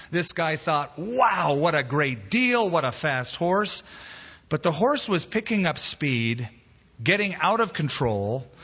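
A pastor preaching an expository sermon, telling a joke story with emphatic, acted quotes. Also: male voice, on the high side, pushed and bright. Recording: dull reverberant hall recording.

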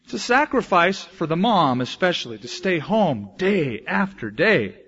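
A male pastor preaching a sermon, moving between loud, emphatic declarations and quiet, hushed asides. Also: sits high, very animated, a little slow, breathy edge, dull audio.

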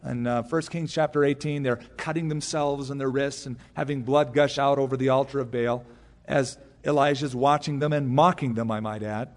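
A man's voice: mid-range voice, fairly even intonation, moderate pace, long reverb tail. A male pastor giving a conversational verse-by-verse Bible teaching, mixing in personal stories, from a church pulpit. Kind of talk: expository sermon. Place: large church sanctuary.

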